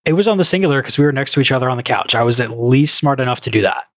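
A man's voice: mid-range voice, expressive, very fast, dry recording. A man on a podcast, casually telling rambling anecdotes. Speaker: podcast co-host.

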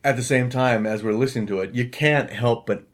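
A man's voice: medium pitch, a little fast. Rambling jokey man in casual chat. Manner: rambling, jokey, puts on mock voices. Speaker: podcast co-host.

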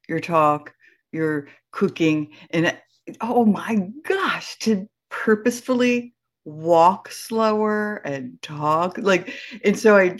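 Woman podcast host, low pitched. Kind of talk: casual interview.

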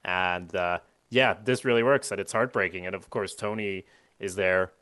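A man co-hosting a casual podcast recap, animated and acting out his reactions, with casual swearing. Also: low voice, moderate pace, clean tone. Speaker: podcast co-host.

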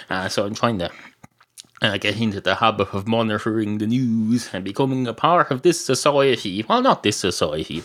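A man's voice: medium pitch, fairly bright tone, natural voice. A man voicing a male dog in a bar who rambles politely and over-explains, full of hesitant fillers.

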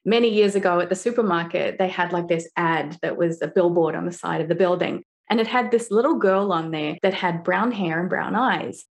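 A woman author, a guest on a podcast interview, telling personal stories in an animated way and laughing often. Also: lowish voice, brisk, hardly any pauses. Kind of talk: conversational interview.

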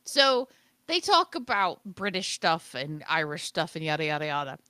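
A tired woman co-hosting a podcast, telling stories in an animated, playful way. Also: low voice, normal speed, no echo. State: tired from lack of sleep. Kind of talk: casual chat.

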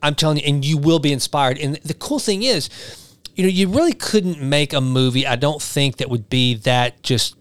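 A man's voice: a little high, expressive, normal speed, no echo. A man in his forties, from Texas, talking casually and enthusiastically in a rambling monologue with many restarts. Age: 40s. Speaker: vlogger.

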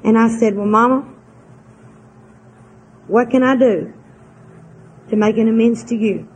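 High-voiced older woman telling her story. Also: fairly even intonation, measured pace, darkish tone, husky, low-quality recording. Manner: candid storytelling, homespun and frank. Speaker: twelve-step speaker. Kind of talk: personal recovery talk.

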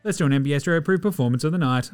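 Excitable Australian man recapping games. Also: on the high side, racing, smooth, dry recording. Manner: excitable, swears freely, jokey asides. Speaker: podcast host. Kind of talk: fast casual sports recap.

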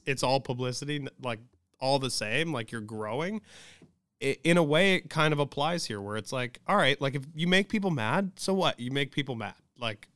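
In a dry, studio-quality recording, this young man's mid-range voice carries a loose podcast conversation he co-hosts. He's animated and blunt, dropping swear words without hesitation.

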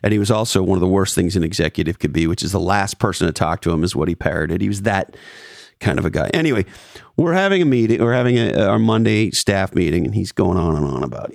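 A middle-aged man, a former marketing executive, telling stories in a casual podcast chat, profane and animated, mimicking the people in his stories. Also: low-pitched, quick pace, gravelly, dry recording, studio quality. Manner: profane, animated storyteller who mimics others.

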